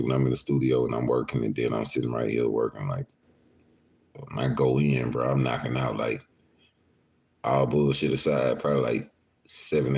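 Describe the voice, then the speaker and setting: His voice is very deep with a darkish tone. The man hosts an informal podcast livestream from home, addressing his live chat in a loose, profane way and laughing regularly.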